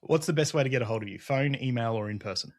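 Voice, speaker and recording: A man's voice: medium pitch, fast talker. Podcast host guy, upbeat, laughs a lot between questions. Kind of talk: casual interview hosting.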